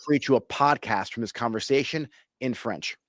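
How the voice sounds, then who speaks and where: A man's voice: medium pitch, normal speed, a bit bright, dry recording, studio quality. A man hosting a podcast, talking business in a blunt, casual way and swearing now and then. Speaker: podcast host.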